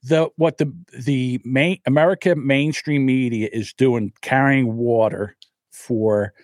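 A man's voice: medium pitch, fairly even intonation, takes it slowly, darkish tone, dry recording, clean studio sound. A man co-hosting a podcast, ranting heatedly and swearing often in casual chat. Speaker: podcast co-host.

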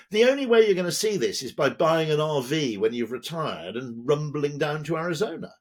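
An older British man talking in a lively, rambling way as a podcast guest, often checking in with "okay?". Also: on the high side, fairly quick, hardly any pauses, slightly rough. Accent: British English. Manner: animated, digressive, tags lines with "okay?". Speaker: guest, advertising executive.

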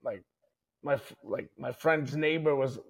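A middle-aged man with a New York accent, a podcast guest who talks bluntly and gruffly and swears freely. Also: mid-range voice, a little slow. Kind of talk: casual chat.

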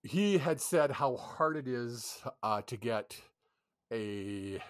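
A man's voice: medium pitch, animated, slow, clean tone. A man co-hosting a casual hockey podcast, swearing and laughing through the banter. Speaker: podcast co-host.

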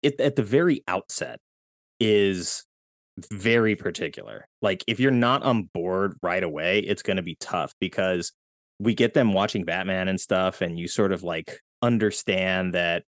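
Low-voiced man in lively movie chat. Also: a little slow, dry recording, studio quality. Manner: animated, laughs often, retells scenes. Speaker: podcast guest.

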